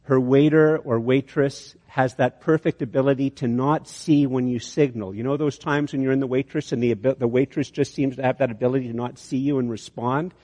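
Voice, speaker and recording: A man's voice: medium pitch, steady tone, fairly quick, hardly any pauses, mellow. A man preaching a sermon, telling an illustration story and often restarting phrases. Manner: storytelling, repeats words on restarts. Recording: long hall reverb.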